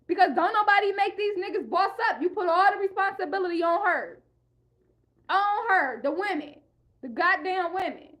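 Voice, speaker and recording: A young woman vlogger with an extremely high, expressive, fairly bright voice delivers a heated, profane rant at normal speed. She repeats herself in this monologue and speaks in an African American English style.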